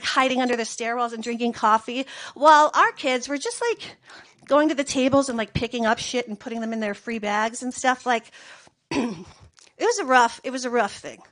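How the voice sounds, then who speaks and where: High-voiced woman in her 30s rambling thru a story, swears a lot, gets animated. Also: low-quality recording. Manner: profane, rambling, animated retelling. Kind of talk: casual personal storytelling.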